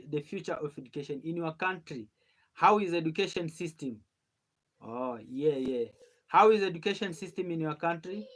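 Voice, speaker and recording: A man hosting a casual online group chat, asking halting questions and repeating words as he searches for them. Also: on the high side. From Kenya.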